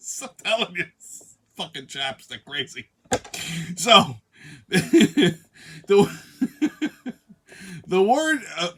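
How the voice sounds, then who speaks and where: Lively, profane comic host. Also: male voice, high voice, extremely slow, long pauses. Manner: profane, laughs at his own jokes. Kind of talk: comedic monologue podcast.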